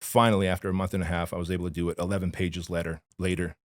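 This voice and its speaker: A man's voice: sits low, flat delivery, racing, no room sound, clean studio sound. A man from Armenia, a podcast guest telling his personal story candidly, in a blunt, emphatic, slangy way. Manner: emphatic, blunt and slangy, addressing the host as dude and bro.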